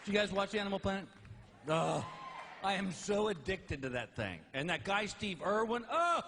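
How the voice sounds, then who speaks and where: A man doing stand-up comedy on stage, telling animated stories with shouted outbursts. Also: high voice, normal speed, background noise. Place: stage before a live audience.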